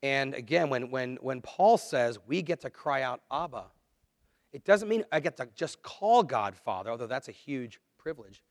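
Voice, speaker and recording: A man preaching a sermon, earnest and conversational, swinging between quiet, low asides and louder, emphatic lines. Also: lively intonation, moderate pace, few pauses, dry recording, studio quality. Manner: earnest, conversational preaching with dramatic dips and swells. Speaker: pastor.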